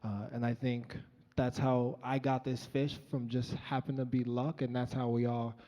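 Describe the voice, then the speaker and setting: Through a stage microphone in a large event hall, a young man from Colorado relates a personal story as the featured storyteller. He speaks in a level, warm, medium-pitched voice at a moderate pace, earnest and chatty with frequent ums, and the live hall recording sounds dull and echoey.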